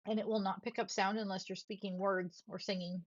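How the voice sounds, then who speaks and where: A woman live-streaming from her home office, chatting casually and talking to her pets in a soft, chatty way. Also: mid-range voice, level tone, fairly quick, no echo, muffled recording. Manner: chatty, soft-spoken, talks to her pets, laughs often.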